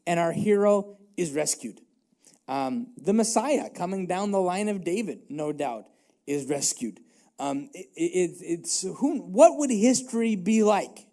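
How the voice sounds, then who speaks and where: A man's voice: high voice, lively intonation, slow pace, mellow. A male pastor giving a conversational, self-deprecating sermon in a church, hammering home short repeated catchphrases. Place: church sanctuary.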